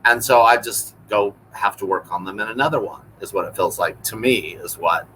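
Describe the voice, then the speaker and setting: A man's voice: on the low side, pushed and bright, a little hiss or hum, poor audio. A man who is a guest on a live stream, talking reflectively and hunting for his words. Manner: searching for words, halting and reflective. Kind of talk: casual live-stream conversation. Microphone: video call.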